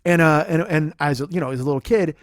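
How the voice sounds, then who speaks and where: Talking quickly in a slightly high voice, this male podcast host rambles through comic stories laced with profanity and jokes during casual chat. The audio is studio quality without echo.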